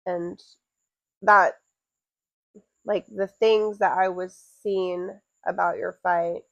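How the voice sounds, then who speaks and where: A young woman co-hosting a podcast, telling stories with animated energy and frequent swearing. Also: on the low side, slow, vocal fry, no echo, dull audio. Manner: animated storytelling, often swearing and laughing. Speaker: podcast co-host, fighter's wife. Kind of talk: casual chat.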